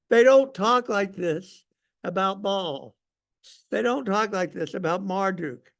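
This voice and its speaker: A man's voice: high-pitched, takes it slowly, creaky, pauses often. A man leading a Sunday school class, talking in an emphatic, conversational way and putting questions to the group. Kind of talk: church class lesson.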